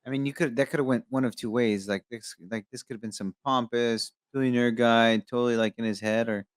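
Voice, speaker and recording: A man's voice: mid-range voice, steady tone, fairly quick, no echo. Eager male podcast host. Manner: eager, admiring, filler-heavy questions. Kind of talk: casual interview.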